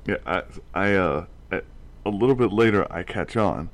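A man's voice: low voice, animated, moderate pace. A man hosting a casual talk show, telling a story with many restarts and frequent laughter. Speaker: podcast host.

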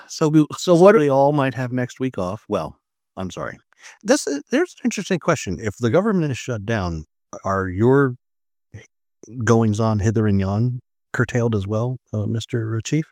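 A man hosting a casual chat, asking quick teasing questions. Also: mid-range voice, sing-song, darkish tone, no echo, clean studio sound.

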